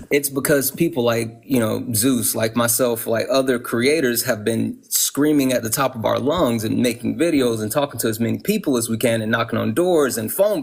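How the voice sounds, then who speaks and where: A man's voice: mid-range voice, gravelly, slightly rough. A man hosting a live stream who talks in an earnest, urgent way and often restarts his sentences. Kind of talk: casual live stream chat.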